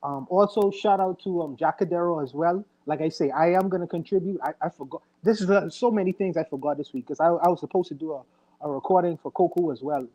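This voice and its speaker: A man's voice: on the high side, fast talker, warm tone, lo-fi sound. A man on a casual podcast livestream who talks in a rambling, earnest way and keeps correcting himself.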